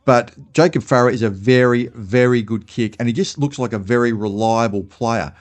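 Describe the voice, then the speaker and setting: A man with an Australian accent chats casually as the host of a fan channel. His voice sits at an ordinary middle pitch. He thinks aloud as he goes, dropping in fillers and restarting sentences. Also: normal speed. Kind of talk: casual spoken commentary.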